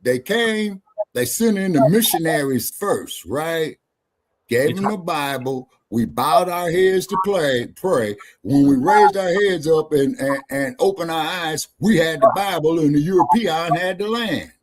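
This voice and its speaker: A man hosts a live-stream talk show in a combative, profane style, calling out people in the chat. His voice sits a little higher than most men's. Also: lively intonation, measured pace. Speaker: show host. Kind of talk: heated live-stream debate.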